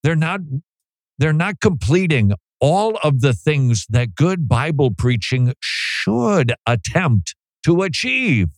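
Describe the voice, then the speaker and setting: A man's voice: on the high side, sing-song, takes it slowly, dry recording, studio quality. A man hosting a talk radio show, chatting casually with joking, self-deprecating asides.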